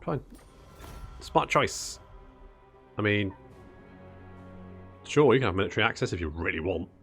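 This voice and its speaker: A man talks through a strategy game in a relaxed, chatty way, often mumbling to himself and addressing units like old friends. His voice sits low but swings up and down a lot. Quiet game music plays faintly underneath. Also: unhurried. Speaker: gaming channel host. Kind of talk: casual let's-play commentary.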